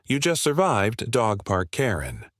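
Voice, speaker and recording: A man voicing a calm, matter-of-fact dog owner. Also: fairly low pitch, measured pace, no room sound, studio quality, heavily acted.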